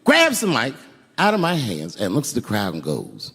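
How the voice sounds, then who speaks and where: A man doing stand-up, telling a story in a lively, profane way and acting out the people in it, recorded live on an arena stage. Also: medium pitch, normal speed, creaky. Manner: animated, profane, acts out voices. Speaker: stand-up comedian. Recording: live arena recording with long reverb and crowd noise.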